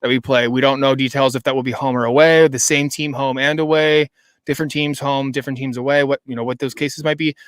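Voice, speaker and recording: A man's voice: medium pitch, steady tone, quick pace, clear, resonant tone, no echo. A man co-hosting a sports podcast in casual chat, enthusiastic and rambling with many restarts. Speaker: podcast co-host.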